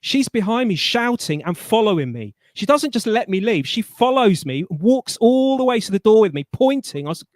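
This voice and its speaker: Guy, slightly high voice, dry close mic, stammers through casual anecdotes on a call. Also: sing-song, moderate pace, hardly any pauses, no room sound. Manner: rambling anecdotes with stammered restarts. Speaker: guest. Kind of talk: casual storytelling chat.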